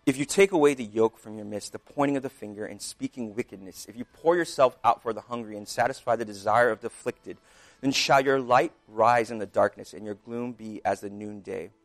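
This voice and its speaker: A man preaching a sermon, praying quietly and reading scripture with rising emphasis, chewing gum because of a dry mouth. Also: on the low side, brisk. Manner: chewing gum while speaking; prays softly, reads scripture with rising emphasis. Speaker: pastor.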